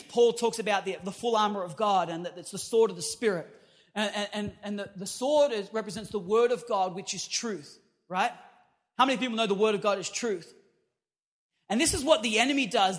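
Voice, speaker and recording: A male pastor delivering an energetic sermon with a very high, bright, forceful voice. He speaks emphatically and punchily, calling out to the congregation as he preaches.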